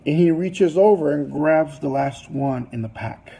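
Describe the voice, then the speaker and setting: A man's voice: fairly high pitch, a little slow, mellow, breathy edge, rough recording. A man presenting to a business audience, telling a long anecdote in a loose, chatty way full of fillers and asides.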